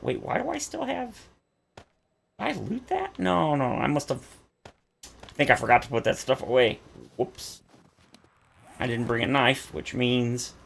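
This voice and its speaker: A man's voice: gravelly, a bit bright, a little hiss or hum. A man giving game commentary, complaining at length in a theatrical, exasperated way. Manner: exasperated, theatrical complaining with big pitch jumps. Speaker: gaming YouTuber.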